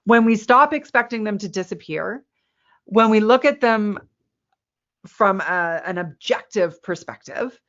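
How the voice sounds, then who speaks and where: A woman presenting a workplace resilience webinar to a camera, lively and quick to laugh at herself. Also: mid-range voice. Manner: lively, laughs at herself, acts out quoted people. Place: indoor room with a window. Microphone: camera mic. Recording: slightly muffled webinar audio.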